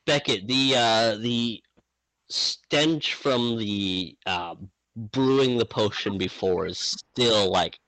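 A man's voice: fairly low pitch, slow, a bit bright, dry recording, low-quality recording. A man running a tabletop game as game master, narrating in a rambling way with many fillers.

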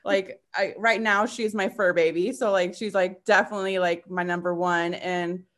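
A woman's voice: lowish voice, fairly even intonation, normal speed, fairly bright tone. Chatty woman guest full of fillers. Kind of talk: casual chat.

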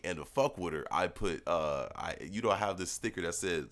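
A young man with a very low voice that still swings widely in pitch. He rambles through loose, profane stories on a casual podcast and chuckles at his own jokes. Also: big pitch swings, moderate pace, few pauses, fairly bright tone. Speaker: podcast co-host. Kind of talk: casual chat.

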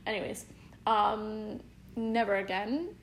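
A young woman co-hosting a casual podcast, relaxed and agreeable, joking along. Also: medium pitch, slow pace, slight background noise. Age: young adult. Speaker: podcast co-host. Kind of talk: casual chat.

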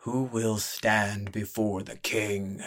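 A man's voice: on the low side, little pitch movement, a bit bright, a little hiss or hum. Man voicing a showy ringmaster announcing a fight. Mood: grandiose. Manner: slow, theatrical announcing. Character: showy male ringmaster of a beast pit.

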